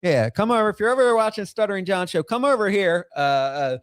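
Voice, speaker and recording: A middle-aged man in outpatient rehab rants on his livestream, reacting to a clip and reading chat with heated profanity and laughing outbursts. His high voice is clear and resonant with lively intonation and a brisk pace, in a dry, studio-quality recording.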